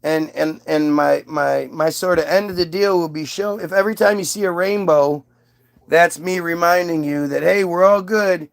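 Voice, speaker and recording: A man's voice: on the high side, normal speed, creaky. A man voicing a blunt, impatient male god in a casual comic retelling. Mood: offhand. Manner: curt, casual, exasperated.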